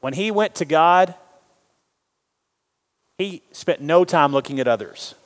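A man preaching a sermon, animated and joking with the congregation. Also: fairly high pitch, slow pace. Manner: animated, jokes with the congregation, acts out quoted voices. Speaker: pastor. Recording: long reverb of a large hall.

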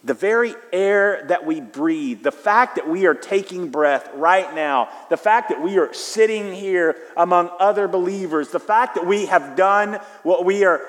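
A middle-aged man from Houston preaching a sermon as pastor, telling stories in a lively, conversational way with frequent restarts. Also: sits high, unhurried, few pauses. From Houston, Texas. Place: church sanctuary. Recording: long hall reverb.

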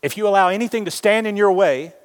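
A man preaching a sermon, animated and joking with the congregation. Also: high voice, fast talker. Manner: animated, jokes with the congregation, acts out quoted voices. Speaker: pastor. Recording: long reverb of a large hall.

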